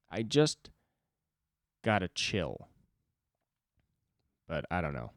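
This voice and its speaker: A man's voice: low-pitched, sing-song, takes it slowly, pauses often, no echo, clean studio sound. Profane young man rambling solo. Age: 20s. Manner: rambling, profane, self-deprecating. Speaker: podcast host. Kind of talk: solo podcast monologue.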